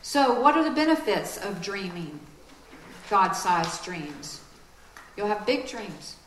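A woman giving a lively, conversational sermon with quick asides. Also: medium pitch, echoey room, slight background noise, poor audio. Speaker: speaker.

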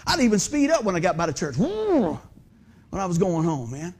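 A middle-aged man preaching a sermon, folksy and animated, full of rhetorical questions. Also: high voice, normal speed, breathy edge. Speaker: pastor.

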